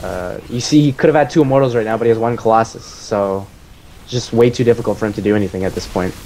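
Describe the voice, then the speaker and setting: A man casually explaining his own strategy game match as he plays it, relaxed, with many fillers. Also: fairly low pitch, fast talker, slight background noise.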